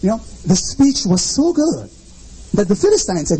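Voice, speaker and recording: A man's voice: high-pitched, big pitch swings, normal speed, warm tone, slightly rough, poor audio. A man preaching a sermon, emphatic and repetitive, with lots of rhetorical questions and dramatic storytelling.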